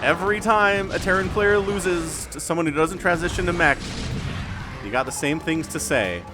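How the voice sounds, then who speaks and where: A man doing solo play-by-play commentary on a strategy game, excitable and talking straight to viewers and players. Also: on the high side, moderate pace. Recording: music bed playing under the voice.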